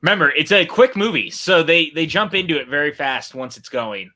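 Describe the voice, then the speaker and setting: Casting note: male co-host, very bright and forward voice, easygoing chat that reads the chat aloud. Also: a little high, expressive, fairly quick. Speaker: podcast co-host. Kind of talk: casual movie watch-along chat.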